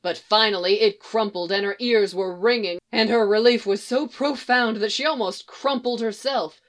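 Woman reading fiction aloud, expressive. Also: mid-range voice, normal speed. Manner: expressive, steady storytelling. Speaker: reader.

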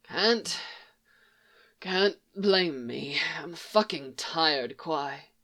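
A narrator voicing a grumpy, exhausted wounded man who talks low and slurs his words. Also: moderate pace, pushed and bright. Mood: grumpy, drowsy. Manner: low, slurred, drowsy delivery.

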